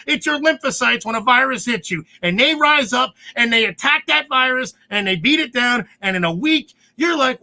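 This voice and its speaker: A man with a strikingly high, sharp voice co-hosts a casual chat. He rants with excitable energy and raises his voice to a shout when worked up. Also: normal speed, hardly any pauses. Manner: excitable, ranting, often shouts. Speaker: podcast co-host.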